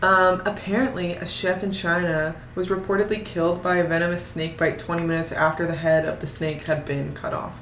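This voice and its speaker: A young woman co-hosts a casual podcast, reading out odd facts with dry little quips. Her voice sits slightly low. The recording is echoey, with a faint hiss. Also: flat delivery, brisk, few pauses, fairly bright tone. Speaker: podcast co-host. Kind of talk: casual chat. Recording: echoey room with faint noise.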